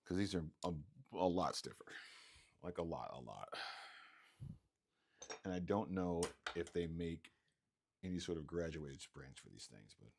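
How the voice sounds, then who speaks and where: Casual male hobbyist, very low voice, lively swings in pitch, muttering while he works, faint hiss behind. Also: measured pace, creaky, pauses often. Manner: mumbling to himself, rambling, playful. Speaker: hobbyist streamer building RC cars. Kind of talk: casual talk while working.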